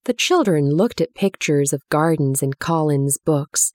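Woman storybook narrator, measured and lowish, dry booth sound. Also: animated, a little mellow, no echo. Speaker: audiobook narrator.

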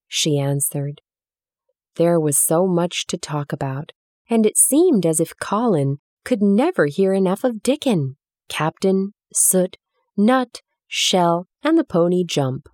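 A woman narrating a children's storybook aloud in a gentle, measured reading. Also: fairly low pitch, animated, no room sound, studio quality.

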